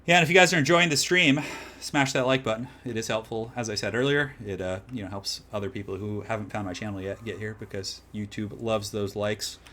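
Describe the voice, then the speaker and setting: A man casting a strategy game match live, moving from calm analysis to loud excited hype. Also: on the low side, a little fast, slight background noise. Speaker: streamer casting a tournament match.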